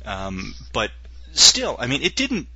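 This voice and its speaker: A man's voice: mid-range voice, huge pitch swings, slow, bright, forceful tone, husky, no room sound, muffled recording. A man hosting a casual sports podcast, rambling and joking with lots of fillers. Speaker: podcast host.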